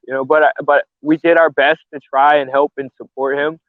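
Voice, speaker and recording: A man's voice: medium pitch, little pitch movement, fast, few pauses, no room sound. A man, a fighter and coach, talking earnestly and emotionally in a casual interview, rambling with restarts. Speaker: bare-knuckle fighter and coach. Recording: tinny phone-like line.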